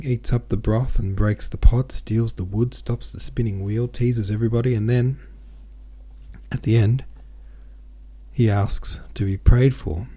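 Male audiobook reader, low gravelly voice, dark tone, gentle and steady. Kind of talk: novel read aloud.

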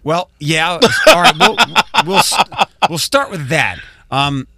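A man's voice: fairly high pitch, very animated, takes it slowly, bright, forceful tone. A man hosting a morning radio show, reading the rundown and trading dry teasing banter with his co-host in a studio.

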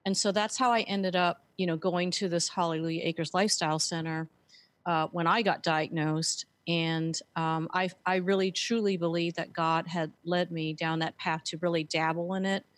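A woman's voice: lowish voice, steady tone, normal speed. A woman telling her story earnestly as a guest, with frequent fillers. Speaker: guest, author and speaker. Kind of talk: conversational interview.

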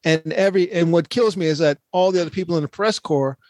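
Emphatic man with a high voice. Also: fast talker, a little mellow, no room sound. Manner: indignant, emphatic, repeats words while finding his point. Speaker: podcast co-host. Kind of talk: casual chat.

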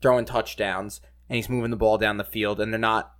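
A man's voice: on the low side, flat delivery, a little fast, a bit bright. A man co-hosting a casual sports podcast, rambling and leaning on "like" and "you know". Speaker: podcast co-host.

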